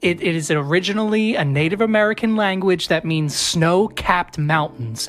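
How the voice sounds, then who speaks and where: A man's voice: a little high, brisk, few pauses, fairly bright tone. A man co-hosting a podcast, chatting casually and rambling with self-mocking asides and restarts. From Las Vegas, Nevada. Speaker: podcast co-host. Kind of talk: casual chat.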